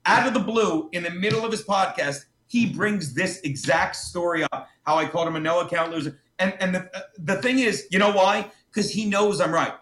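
A comedian on a podcast tells his story with a high, lively voice and a lot of swearing. He keeps slipping into other people's voices to act them out. The studio has a roomy echo. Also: fairly quick, few pauses. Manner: profane, animated, mimics others in quotes. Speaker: guest comedian.

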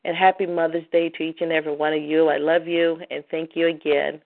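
A woman's voice: low-pitched, little pitch movement, fairly quick. A woman hosting a spiritual call-in talk show, overwhelmed and near tears, who keeps breaking into laughter. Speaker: host. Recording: phone-line call-in audio.

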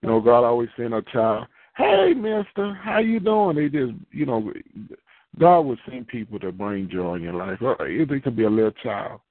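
A pastor preaches loosely and conversationally, repeating phrases as he builds toward fervent prayer. His voice is fairly low and moderately paced, and the dry recording carries the tinny sound of phone-line radio.

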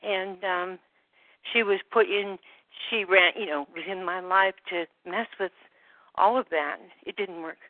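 A woman on a group phone call, slightly out of breath, talking in a halting way that trails off with many fillers. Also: mid-range voice, fairly even intonation, no room sound. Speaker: call participant. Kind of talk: rambling phone call chat. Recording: dry phone-line audio.

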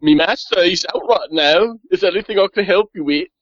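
A man's voice: very high voice, big pitch swings, moderate pace, pushed and bright, dry recording, highs cut off, pitched above the performer's own voice, exaggerated voice. A man voicing a dim-witted male servant who talks with a bad, shifting put-on British and Australian accent, overly polite and servile, in a tabletop game. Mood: eager.

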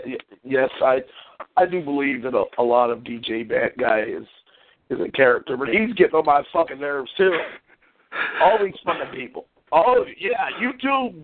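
A man hosting a casual talk show, ranting profanely and venting. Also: a little high. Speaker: podcast host. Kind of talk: casual chat. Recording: tinny phone line.

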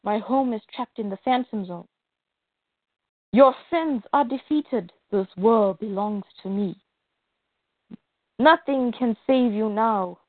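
A woman's voice: fairly high pitch, takes it slowly, pauses often, no echo. A woman voicing an arrogant, mind-controlled young male superhero, cold and boastful. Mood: menacing. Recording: tinny phone-like dry sound.

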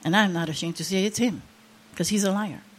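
A woman's voice: medium pitch, a little fast, husky. Impassioned older woman preaching. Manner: impassioned, emotional testimony with rising emphasis. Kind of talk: sermon.

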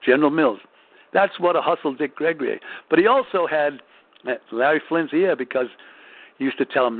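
A man rambling through a profane, casual story with lots of swearing and restarts. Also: fairly high pitch. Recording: tinny phone-like audio.

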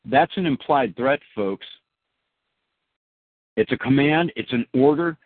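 Heard over a dry, phone-like line, a man hosting a talk show speaks a little slowly in a medium-pitched voice, pausing often. He addresses his listeners as folks and makes emphatic comments straight to them.

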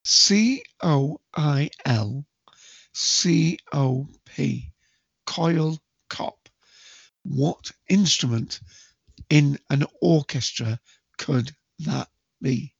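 Slow, gravelly man hosting a quiz. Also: fairly high pitch, lively intonation, no echo, dull audio. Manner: chatty, spells out letters slowly and counts down. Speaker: quiz host. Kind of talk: solo podcast quiz hosting.

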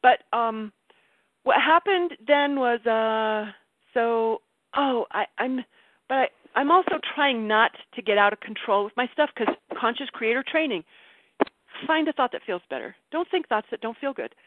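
A woman's voice: a little high, a little slow, no echo. Chatty woman on a group call, keeps laughing and restarting, dry tinny phone sound. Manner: animated, self-interrupting, laughs often. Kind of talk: candid personal storytelling. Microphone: video call.

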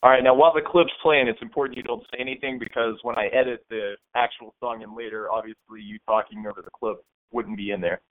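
A man's voice: medium pitch, steady tone, quick pace, hardly any pauses, dry recording, narrow, tinny audio. A man explaining the recording setup on a casual podcast, practical and direct. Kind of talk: casual chat.

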